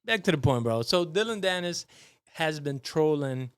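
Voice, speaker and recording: A man's voice: a little high, lively intonation, normal speed, clear, resonant tone. A man co-hosting a comedy podcast in casual chat, playful and slangy, laughing often into a desktop mic. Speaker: podcast co-host.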